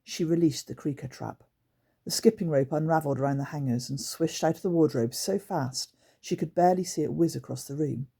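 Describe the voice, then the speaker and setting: Woman narrator for a children's audiobook, low, husky, storytelling delivery. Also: a little fast. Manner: storytelling, expressive reading. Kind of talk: reading a children's book aloud.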